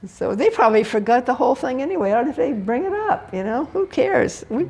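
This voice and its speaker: Older lady zen teacher, gravelly husky voice, swoops up and down a lot, chatty and laughing. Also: on the high side, very animated, quick pace, few pauses, darkish tone. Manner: candid, laughing, conversational. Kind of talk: dharma talk with questions. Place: meditation hall.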